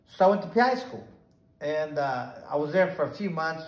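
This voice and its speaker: A man in his sixties, a retired boxer, telling stories in a casual, animated way and acting out the voices of the people he quotes. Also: fairly high pitch, moderate pace. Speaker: retired boxer, podcast guest. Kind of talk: casual storytelling. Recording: roomy echo.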